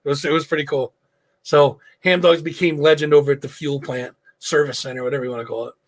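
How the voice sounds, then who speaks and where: A man's voice: on the high side, steady tone, fast talker. A middle-aged man hosting a live show, telling a loose, rambling story with lots of swearing and fillers. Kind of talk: casual live-stream chat.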